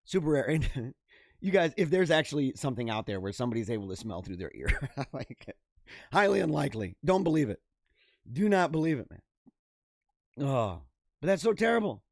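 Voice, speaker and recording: A man's voice: medium pitch, big pitch swings, moderate pace, gravelly, pauses often, no room sound, studio quality. A man hosting a show, casually reading out odd news stories and riffing on them with lots of laughter, speaking straight to his viewers. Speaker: podcast host.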